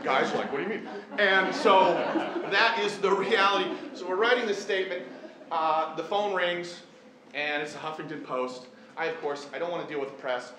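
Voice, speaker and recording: A middle-aged man speaks to a live audience, telling an earnest story with self-deprecating jokes. His voice sits a little high and sounds bright and forceful. The recording is roomy and echoey, with a faint hum in the background. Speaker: teacher and event speaker. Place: large echoey hall. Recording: echoey hall, faint room noise.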